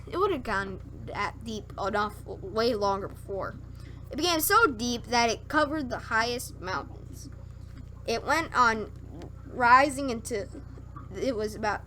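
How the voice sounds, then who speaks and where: This woman streamer's voice is a little high and sharp, with slight background noise. She reads scripture haltingly, slipping and correcting herself, and breaks off now and then for dry, doubtful comments.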